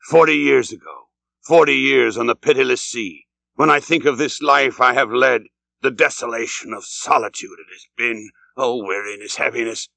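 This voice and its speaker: A man's voice: mid-range voice, gravelly, bright, forceful tone, no room sound. A man reading the part of an obsessed old whaling captain, grim and weighty, swinging from bellowed orders to weary murmurs.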